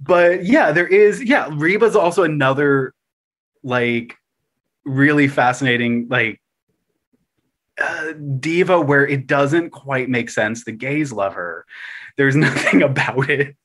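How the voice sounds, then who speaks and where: A man chatting casually as a podcast guest, animated and profane, full of fillers and restarts, jumping between loud emphatic bursts and quiet mocking asides. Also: medium pitch, slow.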